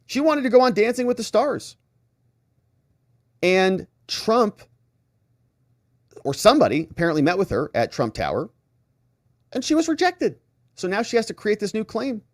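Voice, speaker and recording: A lawyer retelling courtroom testimony for his viewers, a man with a fairly high voice. His pitch leaps around as he reacts in disbelief. The sound is dry and close, with no room echo. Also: very animated, moderate pace, pauses often. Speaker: lawyer and legal commentator. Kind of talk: trial recap commentary.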